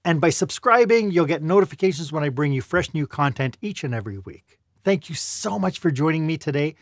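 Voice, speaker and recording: A man's voice: a little high, expressive, a little fast, no echo, studio quality. A man hosting a podcast interview, praising his guest effusively and giving an upbeat outro. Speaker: podcast host.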